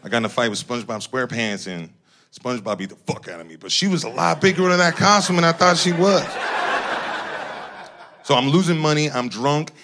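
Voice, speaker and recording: A man from Northern California doing profane, animated stand-up comedy and laughing at his own lines. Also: mid-range voice, fairly quick, slight background noise.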